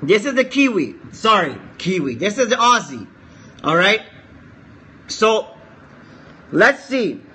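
A man's voice: high-pitched, sing-song, takes it slowly, long pauses, bright, forceful tone, husky. A man streaming live forex chart analysis, coaxing viewers to share and repeating his points.

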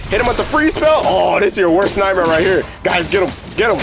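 Hype young guy gaming, kinda high voice, yells a lot, music playing under him. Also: moderate pace, creaky, few pauses. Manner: excitable, yelling, slangy, hype. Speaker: gaming streamer. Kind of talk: casual gameplay commentary.

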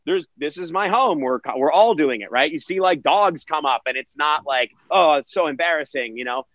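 A man's voice: fairly high pitch, animated, normal speed, a bit bright, no echo, highs cut off. A man who works as a virtual event host, answering interview questions energetically and acting out quotes in other voices.

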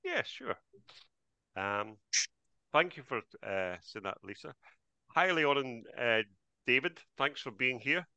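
A man's voice: medium pitch, very animated, slow, pauses often, sharp tone, clean tone, no room sound, lo-fi sound. A man hosting a live online trading class over a video call, chatty and greeting each attendee by name.

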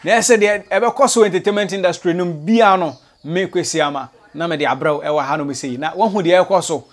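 A chatty Ghanaian host with a slightly high voice comments on the clash and asks viewers to subscribe, moving between Twi and English. His delivery is close and direct. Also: a little fast. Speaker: entertainment channel host. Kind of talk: channel commentary.

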